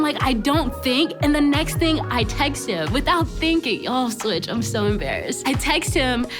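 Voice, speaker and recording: A young woman tells stories in a lively, chatty youth talk, tossing in "like" and "right?" all the time. Her voice sits a little high. Music is clearly audible underneath. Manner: animated, chatty, laughs often, fond of "like" and "right?". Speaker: youth ministry speaker. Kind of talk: casual youth talk with storytelling.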